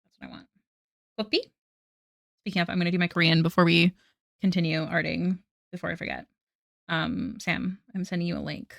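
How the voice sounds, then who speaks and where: A woman's voice: on the low side, lively intonation, brisk, vocal fry, pauses often, fairly bright tone, no echo. Woman, casual streamer; chatty, self-mocking, laughs a lot; dry, close sound. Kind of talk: casual live-stream chat.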